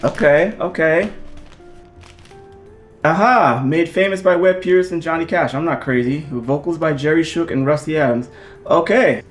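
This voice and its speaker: A man hosting a casual vlog as he unboxes vinyl records, excitable and gushing, swearing often. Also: fairly high pitch, measured pace, soft background music.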